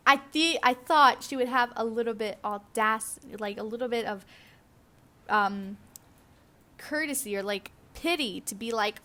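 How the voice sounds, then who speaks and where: A young woman narrates her gaming story in a loose, chatty way, full of fillers and restarts. Her voice sits a little high and sounds bright. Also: unhurried, pauses often. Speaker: gaming YouTuber. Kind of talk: casual commentary over gameplay.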